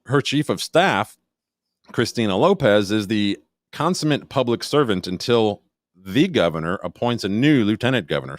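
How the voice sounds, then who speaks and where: A man's voice: fairly low pitch, no echo, studio quality. An older man co-hosting a podcast, giving blunt, sarcastic commentary in casual chat. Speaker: podcast co-host.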